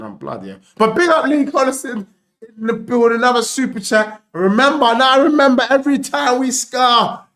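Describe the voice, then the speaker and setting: A young man hosting a live football watchalong, bantering excitedly and reading out viewer messages. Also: high voice. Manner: excitable, animated banter, reads out super chats.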